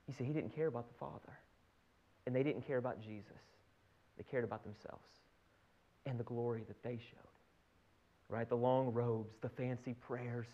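A man's voice: mid-range voice, fairly even intonation, moderate pace, long pauses. A male pastor teaching in an earnest sermon, often repeating words as he builds a point. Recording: dull lo-fi sound.

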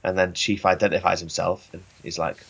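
A man co-hosting a podcast in casual chat, retelling scenes in a relaxed storytelling way. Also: deep voice, a little fast, vocal fry, slightly rough. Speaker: podcast co-host.

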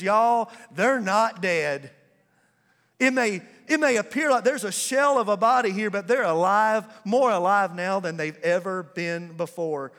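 A man preaches to his church congregation, leaning hard on key words and slowing right down for scripture lines. His voice rings out with the long reverb of a large hall. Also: high-pitched, a bit bright. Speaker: pastor. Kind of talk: sermon. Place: church sanctuary.

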